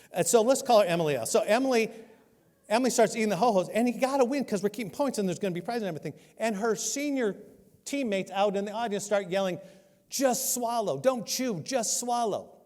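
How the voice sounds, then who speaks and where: An older male pastor in his 60s preaches a sermon in a church sanctuary, with a long hall reverb on the recording. His voice is high and brisk. He's animated, telling stories with self-mocking humor.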